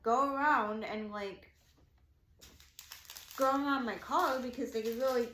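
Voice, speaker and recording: A woman chats through a story in a loose, rambling way, leaning on "like" and acting out what everyone said. Her voice sits a bit high. The room gives it a noticeable echo. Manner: animated, rambling, heavy use of "like". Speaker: craft shop vlogger. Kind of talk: casual storytime chat.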